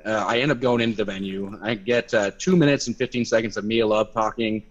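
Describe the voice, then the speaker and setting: A young man telling a story in casual chat on a video call, animated and swearing, acting out quotes in a louder voice. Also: fairly low pitch, brisk. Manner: animated, swearing, acts out quotes by raising his voice. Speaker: activist guest. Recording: dull lo-fi video call audio.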